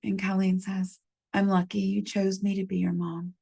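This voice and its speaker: A woman leading a support group through a gentle guided reflection, calmly reading out messages from the chat. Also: medium pitch, gravelly, husky. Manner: gentle, unhurried, reads chat messages aloud. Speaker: medium leading a healing workshop.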